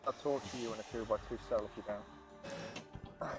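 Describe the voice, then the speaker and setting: A man banters through a gaming session, teasing his friends and getting excitable, often restarting his sentences. Game music is clearly audible behind him. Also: on the low side, normal speed. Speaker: co-player, stream guest. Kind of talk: casual gaming chat.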